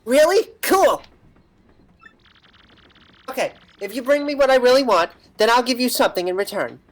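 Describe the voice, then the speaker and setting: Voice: medium pitch, expressive, moderate pace, lightly acted. A streamer doing a bratty kid Bob-omb. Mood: eager. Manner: eager, teasing, childlike.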